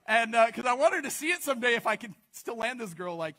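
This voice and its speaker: A man's voice: extremely high pitch, animated, quick pace, bright, forceful tone. A young man preaching to a congregation in a casual, joking storytelling way, full of asides and questions to the crowd. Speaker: pastor speaking to a congregation. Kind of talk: storytelling sermon.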